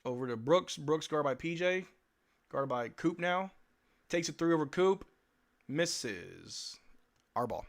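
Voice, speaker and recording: A man's voice: a little high, expressive, slow, gravelly, long pauses. A male live-stream host giving casual fan play-by-play commentary in a blunt, exasperated, slangy way.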